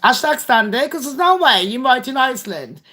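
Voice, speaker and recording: British female host, chatty livestream, blunt, sweary, rambling delivery with a bright, sharp tone. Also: high voice, big pitch swings, moderate pace. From Britain. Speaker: channel host. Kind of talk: casual livestream chat with viewers.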